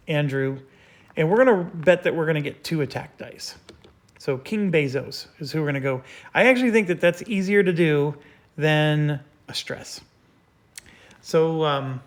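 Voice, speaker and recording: Male host, casual board game playthrough; methodical, filler-heavy, mid-high pitch. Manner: explains moves step by step with many fillers.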